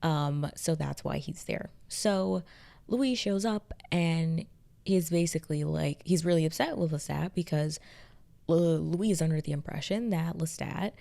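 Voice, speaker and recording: A young woman casually recapping and reviewing a TV episode, excitable and chatty with many fillers. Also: low-pitched, measured pace, gravelly. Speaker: pop culture video essayist.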